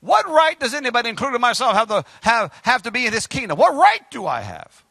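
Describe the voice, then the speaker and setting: A man preaching a fiery sermon, swinging between sudden shouts and hushed asides. His voice is high and bright, rising and falling widely. The sound is dry and close. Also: sing-song, a little fast, vocal fry, dry recording. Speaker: pastor.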